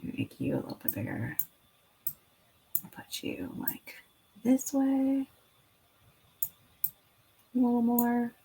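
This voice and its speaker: A woman's voice: on the high side, wildly swooping pitch, slow, gravelly, long pauses, dark tone, slightly rough. A young woman making classroom activities, chatting casually to viewers and rambling as she thinks aloud, with filler words and the odd whisper. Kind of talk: casual work-with-me chat.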